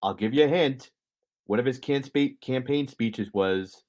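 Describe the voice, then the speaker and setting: A man's medium-pitched, somewhat mellow voice moves at a measured pace. Co-hosting a podcast, he chats his way through a history story for his co-host, joking and adding asides as he goes.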